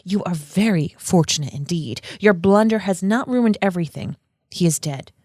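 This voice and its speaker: A woman reading aloud the lines of a cold, cruel, high-voiced male dark lord from a book, close and dry. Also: lively intonation, normal speed, no room sound.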